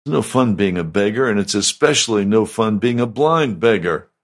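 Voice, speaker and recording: A male pastor delivering a radio sermon, asking slow, emphatic questions. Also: on the low side, animated.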